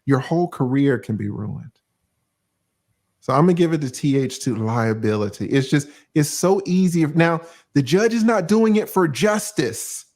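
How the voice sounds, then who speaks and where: A man hosting a casual livestream, breaking down legal cases in a blunt, profane way and acting out judges in quick asides. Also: a little high, lively intonation, darkish tone. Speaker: livestream host, lawyer.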